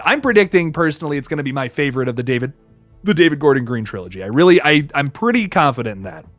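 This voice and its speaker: A young man hosting a casual livestream, reading viewer comments aloud and reacting in an animated way, with frequent swearing and self-corrections. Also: fairly high pitch, no echo. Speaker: livestream host.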